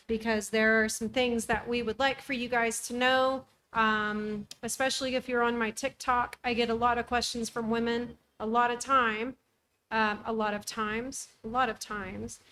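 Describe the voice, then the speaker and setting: A young woman with a bright, lifted voice, talking easily as a podcast co-host. She chats casually, dropping lots of ums as she explains things. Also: fairly high pitch, fairly even intonation, measured pace, a little hiss or hum. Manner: chatty, frequent ums. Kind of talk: casual chat.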